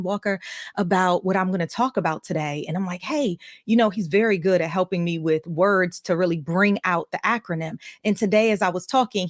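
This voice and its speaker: A woman's voice: on the low side, no echo, clean studio sound. A woman hosting a live coaching stream, enthusiastic and upbeat, with a folksy way of talking. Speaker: host and life coach. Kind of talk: energetic live-stream talk.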